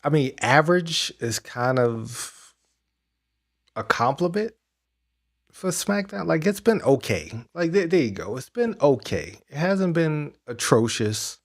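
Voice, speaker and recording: On a podcast he co-hosts, a man with a gravelly, medium-pitched voice talks casually about wrestling. His speech is rambling, full of restarts and fillers.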